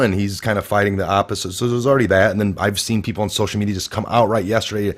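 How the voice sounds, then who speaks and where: A man's voice: lowish voice, steady tone, rapid-fire, hardly any pauses. A man hosting a casual political talk show, rambling with many fillers and restarts and acting out quoted people in a raised voice. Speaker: podcast host.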